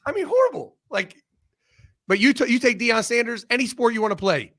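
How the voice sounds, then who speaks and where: A man from Ohio, a former football coach, chatting as a guest and telling profane, animated stories. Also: very high voice, fairly quick. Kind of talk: casual sports chat.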